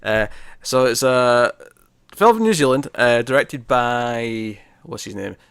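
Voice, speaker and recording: Male co-host, casual film talk, giggly and self-correcting, medium pitch, dry booth sound. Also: animated, slow pace, vocal fry, a bit bright, clear, resonant tone, dry recording. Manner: chatty, laughs often, self-correcting. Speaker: podcast co-host. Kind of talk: casual movie discussion.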